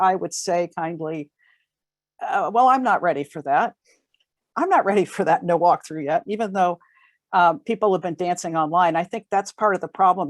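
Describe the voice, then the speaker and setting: A woman's voice: mid-range voice, dry recording. Enthusiastic woman caller, dry close sound. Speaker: dance caller. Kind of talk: casual panel talk. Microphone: video call.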